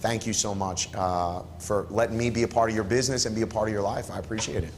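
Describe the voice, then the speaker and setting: A man's voice: fairly low pitch, fairly even intonation, fast, long reverb tail, noisy background. A man leading a photography workshop, encouraging and playful with an emphatic way of talking. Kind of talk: live workshop teaching.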